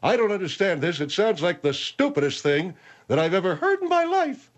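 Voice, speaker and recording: A man voicing a pompous, indignant general with a squeaky, lisping voice that keeps cracking. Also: big pitch swings, moderate pace. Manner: indignant, blustering. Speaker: comic radio character.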